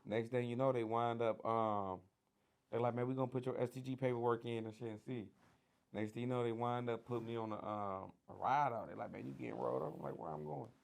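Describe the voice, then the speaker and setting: A man with a Detroit accent telling his story in a casual interview, animated and slangy, acting out the voices of people he quotes. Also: mid-range voice, fairly quick, creaky. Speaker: guest sharing his prison story.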